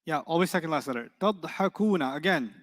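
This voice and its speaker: A man with a high voice leads a classroom grammar lesson, firing quick questions at his students and teasing them playfully. His voice rings with a long hall reverb. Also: lively intonation. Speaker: Arabic teacher.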